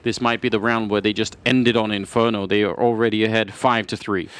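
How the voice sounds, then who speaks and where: A man giving live esports match commentary, energetic and rising to shouts at big plays. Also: fairly low pitch, a little fast, clear, resonant tone, dry recording. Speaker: esports caster. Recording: noisy game audio behind.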